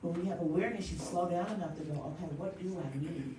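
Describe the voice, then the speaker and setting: A woman's voice: on the low side, noisy background. Echoey far-off woman counselor. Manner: lively, acts out quick everyday quotes, laughs often. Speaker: grief counselor leading a workshop. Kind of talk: church workshop talk. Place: church hall.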